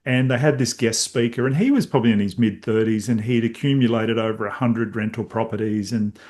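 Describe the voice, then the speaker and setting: A man's voice: medium pitch, fairly even intonation, brisk, a little mellow. A middle-aged man, a podcast host telling stories in casual conversation and acting out his own reactions.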